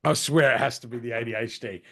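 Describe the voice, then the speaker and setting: A man in his forties, a podcast guest telling stories in casual chat, animated, swearing casually and saying "mate" and "right?". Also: mid-range voice, fast. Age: 40s.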